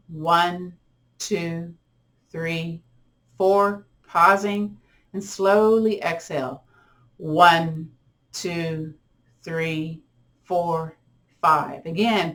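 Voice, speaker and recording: Middle-aged female yoga teacher, lower voice, gentle guided meditation with counted breaths. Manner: slow, soothing cues with counted breaths. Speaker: yoga and tai chi instructor.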